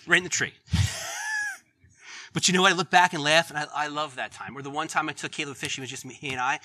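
Middle-aged guy preaching, super bright voice, dry sound, chatty and earnest. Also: medium pitch, no room sound. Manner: conversational, earnest, laughs at his own stories. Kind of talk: sermon.

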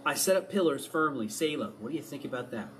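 Animated preacher man, noisy recording. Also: a little high, quick pace. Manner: animated, asks the listeners questions. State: out of breath. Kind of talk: sermon.

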